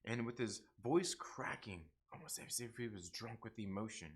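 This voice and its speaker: A young man hosting a casual livestream review, excitable, repeating himself and swearing often. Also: fairly low pitch, moderate pace. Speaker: YouTube show host reviewing TV episodes.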